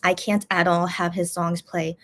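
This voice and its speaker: A woman's voice: lowish voice, flat delivery, normal speed, a bit bright. A woman host chatting casually to her viewers, rambling with many fillers and restarts, frustrated and complaining. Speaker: YouTube channel host.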